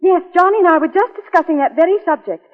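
An actress in a 1940s radio play voicing an earnest, emotional young wife who speaks from the heart. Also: female voice, extremely high pitch, expressive, fast. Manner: earnest, heartfelt, scolding tenderly. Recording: tinny old radio broadcast with reverb.

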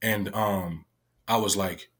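A man's voice: on the low side, fairly even intonation, slow, a bit bright. A man who works with young people, telling a story in a casual way, with lots of swearing and fillers. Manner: loose, profane, full of "like" fillers. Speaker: youth worker.

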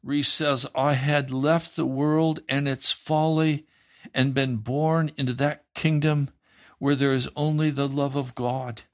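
A man's voice: medium pitch, fairly even intonation, takes it slowly, no echo, studio quality. A man preaching a sermon as pastor, with an urgent, repetitive cadence.

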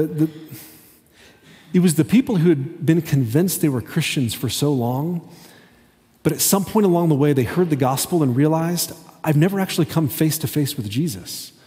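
A man's voice: fairly high pitch, mellow. Man preaching in an echoing hall. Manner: conversational, halting with many restarts. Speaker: pastor. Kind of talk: sermon. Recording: long hall reverb.

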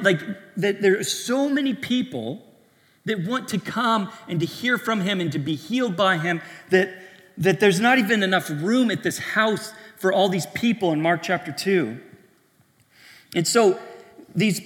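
A man preaching a sermon to young adults, in a conversational style full of restarts and lively asides. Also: sits high, long reverb tail.

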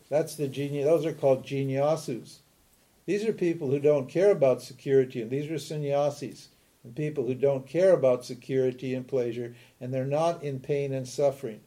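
Very dark-voiced man teaching spiritual scripture. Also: mid-range voice, measured pace, long pauses. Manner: asks the listeners rhetorical questions with a frequent "huh?"; chuckles often while explaining. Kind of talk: talk on scripture.

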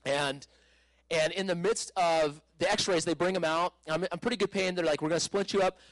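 A man in his thirties delivers a sermon testimony in a slightly high voice, recorded close and dry with no room sound. He tells his story with animated energy, breaking into shouts and laughs. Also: moderate pace, no echo, rough recording. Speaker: preacher.

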